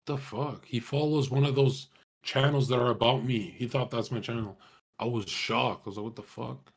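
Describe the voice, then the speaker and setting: A man's voice: mid-range voice, fairly even intonation, moderate pace. A young man talking casually to his viewers, rambling in slang, swearing often and calling everyone bro. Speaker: streamer talking to chat.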